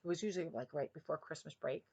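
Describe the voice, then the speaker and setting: A woman's voice: deep voice, fast talker, breathy edge. A woman, a former kindergarten teacher, chatting in a rambling, friendly way after a read-aloud, recorded on a headset mic. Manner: chatty and rambling, with bursts of excitement. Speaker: retired kindergarten teacher reading picture books.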